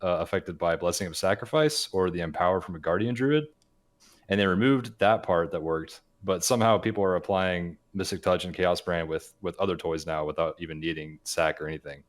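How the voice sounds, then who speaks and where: Very low-voiced male co-host, halting explainer, casual podcast. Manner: explains game mechanics haltingly, with restarts. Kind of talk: casual gaming podcast chat.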